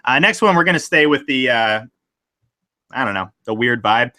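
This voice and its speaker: A man's voice: mid-range voice, lively intonation, moderate pace, sharp tone. A man hosting a podcast, chatting casually and loosely with many fillers as he reads listener stories. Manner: loose and rambling, many fillers, laughs easily. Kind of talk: casual chat.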